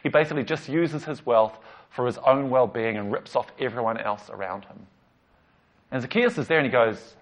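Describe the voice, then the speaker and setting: A man, a pastor, preaching a conversational sermon and retelling a story with lively emphasis and casual asides. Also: mid-range voice, moderate pace. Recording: slightly dull lo-fi recording.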